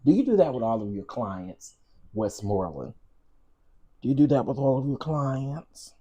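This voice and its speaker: A man's voice: mid-range voice, sing-song, normal speed, mellow, slightly rough. A man hosting a livestream, giving sassy, teasing live commentary with laughing asides. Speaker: livestream host.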